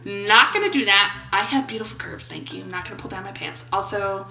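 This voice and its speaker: With a gravelly, sharp medium-pitched voice at a normal speed, this woman of about twenty-seven comments on a game as a gaming YouTuber. She reads the questions aloud in a playful, goofy manner, full of jokes and short comic voices. Faint music plays in an echoey room, and the recording is rough.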